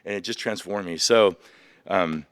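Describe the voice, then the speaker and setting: Low-voiced man in his fifties telling stories. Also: unhurried, smooth, dry recording, studio quality. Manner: animated, vivid retelling of past events. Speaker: podcast guest, military veteran. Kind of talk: candid personal storytelling.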